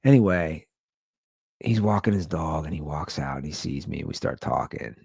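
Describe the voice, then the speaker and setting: A man's voice: extremely low pitch, expressive, normal speed, gravelly, darkish tone, breathy edge, no echo, studio quality. A man hosting a podcast, telling a comic story in a rambling, loose, casually profane way. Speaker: podcast host. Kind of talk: casual comedic storytelling rant.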